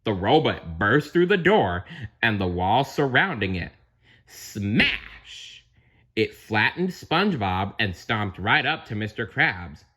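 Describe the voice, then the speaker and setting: A male narrator reads a storybook aloud slowly in a low, bright voice with a breathy edge. He adds chatty asides to the listener, his pitch rising and falling expressively.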